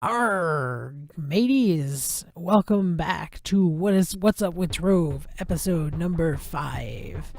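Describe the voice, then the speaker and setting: A man's voice: on the high side, expressive, slow pace, creaky, few pauses, a little mellow, no echo, exaggerated voice. A man voicing a hammy male pirate, growling pirate calls out to his crew in a dry room.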